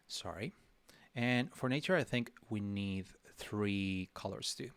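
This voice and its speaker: Low-voiced man teaching drawing live. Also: lively intonation, takes it slowly, gravelly, dry recording. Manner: thinks aloud while working, talks to himself; chatty with frequent restarts and fillers. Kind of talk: casual livestream tutorial.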